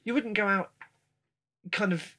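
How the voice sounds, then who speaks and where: A man in a casual chat, telling animated stories. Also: high voice, a little slow. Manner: storytelling, animated.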